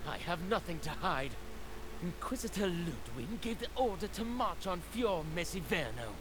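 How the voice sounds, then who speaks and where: A man's voice: sits high, very animated, moderate pace. An actor playing a contemptuous, fanatical male prisoner in a video game. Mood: defiant. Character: defiant male zealot prisoner, cold. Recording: game audio with ambient noise.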